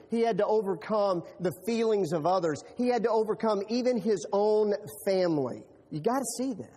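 High-voiced preacher in a reverberant hall. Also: male voice, husky. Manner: animated storytelling, repeating words. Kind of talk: sermon. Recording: long reverb of a large hall.

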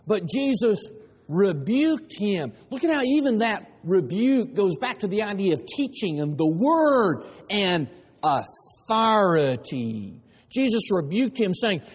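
A man's voice: sits high, big pitch swings, moderate pace, long reverb tail. A man preaching a sermon with an emphatic delivery, sometimes acting out voices of the people he describes. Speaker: pastor.

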